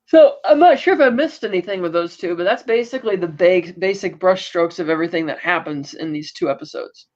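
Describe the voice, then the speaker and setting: A woman's voice: fairly low pitch, fairly quick, hardly any pauses, a little mellow, muffled recording. A woman co-hosting a podcast, casually recapping episodes in a rambling way and acting out quotes. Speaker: podcast co-host.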